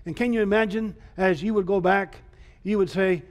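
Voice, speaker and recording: A man, a pastor, preaching a sermon emphatically, repeating rhetorical questions and moving between loud calls and soft asides. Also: sits high, a little fast.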